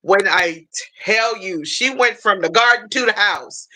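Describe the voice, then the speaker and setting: A woman's voice: mid-range voice, measured pace, pushed and bright, slight background noise. A woman hosting a casual livestream chat, rambling and restarting often, heartfelt and openly emotional. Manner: chatty, rambling with many restarts. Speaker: livestream host.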